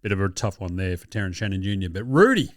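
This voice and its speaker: A young Australian man hosting a podcast, excitable and slangy, swearing freely in casual sports chat. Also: sits low, fast talker, dry recording, clean studio sound. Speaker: podcast host.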